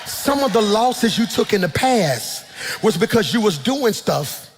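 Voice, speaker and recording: A man preaching a sermon as pastor, shouting in a sing-song cadence and dropping into hushed storytelling asides. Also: sits high, big pitch swings, measured pace, slight background noise. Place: large church hall. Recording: reverberant church hall.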